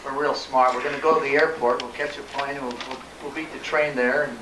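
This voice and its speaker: An elderly man, a retired ballplayer, telling an animated anecdote at a live event and acting out the voices in it. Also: medium pitch, fairly quick. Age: older. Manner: animated, acts out voices in his story. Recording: echoey room, distant mic, clear noise.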